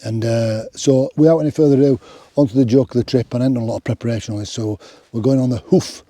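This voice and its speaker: Middle-aged hiker vlogging outdoors, rambling chat, very dark and husky tone, dry close sound. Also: male voice, mid-range voice, fairly even intonation, fast, no room sound. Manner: rambling and chatty, many restarts and fillers. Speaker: hiking vlogger. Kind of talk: casual outdoor vlog chat. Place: outdoors on open moorland. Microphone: clip-on microphone.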